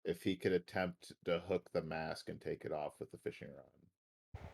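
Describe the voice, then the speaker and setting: A man's voice: deep voice, fairly even intonation, moderate pace, gravelly, darkish tone. A man playing a tabletop game, eagerly working out his dice math aloud, with some crude words. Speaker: player. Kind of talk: casual tabletop game chat.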